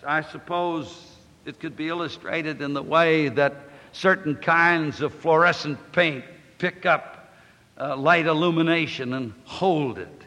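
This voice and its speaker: A man preaching a sermon, reading scripture in a declamatory way, slowing and rising on the quoted verses. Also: a little high, steady tone, bright, forceful tone. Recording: long hall reverb.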